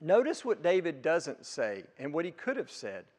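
High-voiced pastor preaching in a reverberant church. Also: male voice, huge pitch swings, normal speed. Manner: emphatic, swells loud on key words then drops low. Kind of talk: sermon. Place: church sanctuary. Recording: long reverb of a church hall.

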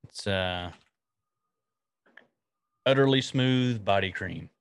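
A man's voice: fairly low pitch, slow pace, clean tone, dry recording, clean studio sound. A man co-hosting a casual podcast chat, nitpicking small details of the show he is discussing. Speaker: podcast co-host.

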